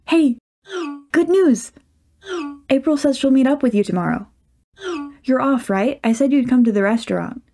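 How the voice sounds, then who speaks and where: A woman voicing a bubbly, pushy young woman friend in a storybook reading, excitable and gushing. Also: medium pitch, normal speed, vocal fry. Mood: excited.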